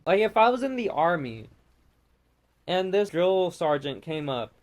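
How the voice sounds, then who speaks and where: High-voiced man ranting while gaming. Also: big pitch swings, measured pace. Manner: profane, exasperated, rambling. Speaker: gaming channel host. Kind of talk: casual rant over gameplay.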